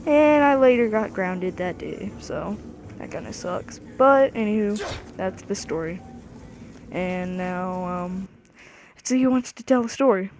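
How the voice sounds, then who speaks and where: A male speaker casually telling a rambling, animated story about his childhood while someone plays a video game. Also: high-pitched, measured pace, a little hiss or hum. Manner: rambling, animated, with lots of "anywho". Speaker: storyteller over gameplay.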